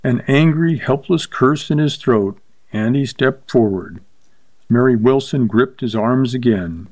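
Male audiobook narrator, measured and even, dead-dry recording. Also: mid-range voice, dry recording.

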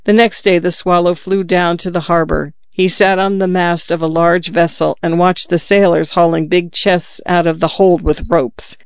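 A man narrating a fairy tale in a calm, measured reading. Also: sits high, gravelly, clear, resonant tone, no echo. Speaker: storyteller. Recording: dull lo-fi, dry.

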